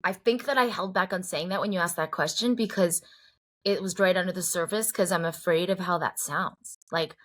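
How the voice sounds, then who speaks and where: A woman's voice: on the low side, normal speed, fairly bright tone. A woman in her forties from the Boston area, a singer-songwriter guest talking earnestly and reflectively in an interview, with many fillers and restarts. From Cambridge, Boston area. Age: 40s. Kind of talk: heartfelt conversational interview.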